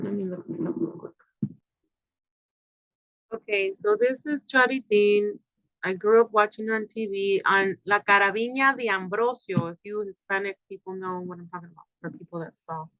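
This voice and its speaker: A woman's voice: medium pitch, fairly even intonation, normal speed, gravelly, pauses often, no room sound. A woman in her fifties talking in a rambling, conspiratorial way, full of filler words, as she hosts her own channel. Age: 50s. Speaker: channel host. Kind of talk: casual monologue. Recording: slightly dull, dry home recording.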